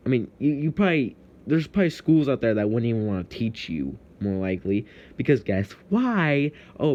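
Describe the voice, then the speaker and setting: A man's voice: lowish voice, a little mellow, dull audio. Heated young Texan man ranting. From Texas. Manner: heated, profane and confrontational. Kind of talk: ranting monologue to camera.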